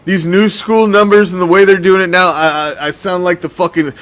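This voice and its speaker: A man hosting a casual sports commentary show, talking in an animated, profane, rambling way. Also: high voice, fairly quick, few pauses. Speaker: host.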